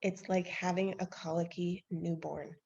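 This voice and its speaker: A woman's voice: fairly low pitch, flat delivery, a little slow, vocal fry, darkish tone, dull audio, slight background noise. A woman in her thirties co-hosting a podcast, telling a story in a candid, self-deprecating way with frequent laughs and sighs. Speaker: podcast co-host. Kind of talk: casual chat.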